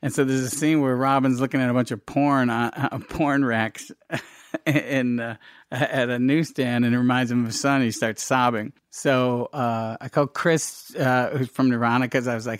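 A middle-aged man, a filmmaker guest, telling lively anecdotes in a casual interview and acting out quoted dialogue. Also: medium pitch, normal speed, dry recording, clean studio sound.

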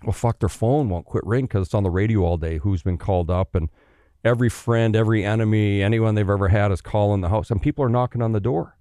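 This guest, an ex-pro hockey player from Canada in middle age, spins casual stories at a quick pace in a fairly low voice. Recorded dry and close, he's animated and unrestrained, cursing freely and slipping into the voices of those he quotes.

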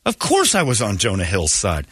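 A man's voice: lowish voice, huge pitch swings, moderate pace, a bit bright, husky, no echo. A man hosting a morning radio show, talking in a crude, joking, rambling way at a studio mic. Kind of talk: casual morning radio chat.

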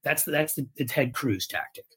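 Man, podcast co-host, bright husky voice, animated political chat. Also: medium pitch, moderate pace. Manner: animated, mimics people in mocking voices.

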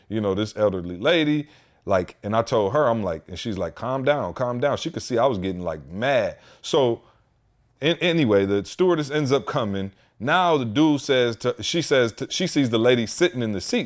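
A man in his thirties tells a story on a casual podcast chat, acting out each person with heated voices. His delivery is animated and lively, and he talks straight to his co-hosts. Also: mid-range voice. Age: 30s. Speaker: podcast co-host.

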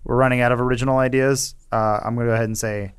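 A man's voice: mid-range voice, fairly even intonation, racing, clean tone. Rambling man on a movie podcast. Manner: rambling, repeats words, half-joking. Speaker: podcast co-host. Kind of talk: casual chat.

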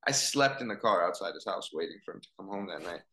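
A man's voice: sits low, fast, reverberant, rough recording. A man, a football coach, telling a story in casual conversation and acting out the dialogue. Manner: animated storyteller, acts out dialogue.

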